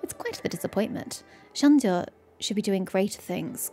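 A woman's voice: medium pitch, animated, moderate pace, dark tone, faint music behind, close to an everyday voice. Woman reading a scornful game architect. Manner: disdainful, lecturing. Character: scornful architect who despises old officials. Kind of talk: reading game dialogue aloud.

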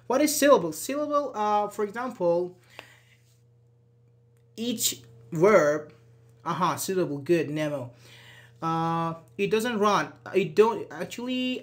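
A man teaching English grammar in a live online class, explaining step by step, repeating examples and answering viewers' questions as they come in. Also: a little high. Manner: repeats examples and checks understanding.

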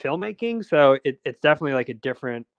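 Man, fairly high voice, rambling with fillers, casual interview chat, dull lo-fi audio. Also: sing-song, quick pace, dry recording. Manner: rambling, lots of fillers and restarts. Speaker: documentary filmmaker guest.

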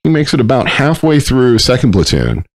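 A man co-hosting a veteran talk show, telling a barracks story in casual chat, animated, swearing and shouting out the lines of the people in his story. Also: medium pitch, normal speed, no room sound. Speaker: veteran podcast co-host.

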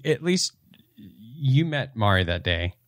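A man's voice: on the low side, sing-song, slow pace, no room sound, clean studio sound. A man hosting a podcast interview, eagerly prompting his guest to tell a story. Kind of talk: conversational interview.

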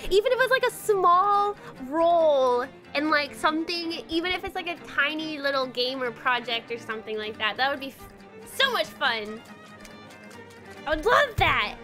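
A young woman livestreams a game and chats casually with viewers, bubbly and giggly and full of "like" fillers, with faint game music behind her. Her voice is high and bright with big pitch swings and a forceful tone, at normal speed.

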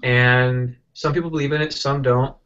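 A man as an interview guest, telling a rambling, animated story with many restarts and acted-out quotes over a video call. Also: medium pitch, normal speed, muffled recording. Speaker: interview guest, software entrepreneur.

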